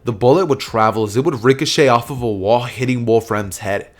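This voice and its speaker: Guy telling a what-if story out loud, rambly, um and like everywhere, mid-range voice. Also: medium pitch, brisk. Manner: rambling, lots of fillers. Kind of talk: casual fan-fiction narration.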